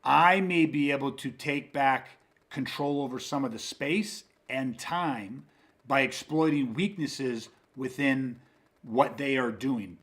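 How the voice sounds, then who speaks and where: A male podcast host walks through self-defense tactics in loose, casual talk, and his voice sits at an ordinary, mid-range pitch. He speaks emphatically, drops curse words freely and often restarts his sentences as he thinks aloud. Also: a bit bright. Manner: emphatic, profane, rambling with restarts.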